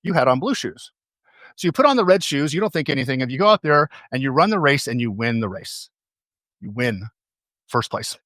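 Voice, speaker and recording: A man's voice: medium pitch, big pitch swings, a little fast, fairly bright tone, no echo, studio quality. A man giving a motivational stage talk as a coach. He tells stories, asks the audience questions and repeats key phrases for emphasis.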